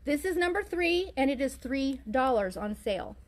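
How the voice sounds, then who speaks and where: A woman's voice: high voice, sing-song, moderate pace, very noisy. A woman shop owner chatting through a live shopping sale in a vintage store, announcing item numbers and prices while she is losing her voice. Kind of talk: live shopping sales pitch.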